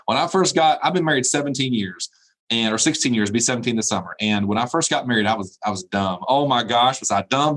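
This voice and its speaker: Animated man giving a keynote. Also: mid-range voice, a little fast, rough recording. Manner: laughs often at his own jokes, repeats phrases for emphasis. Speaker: keynote speaker. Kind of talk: humorous keynote speech.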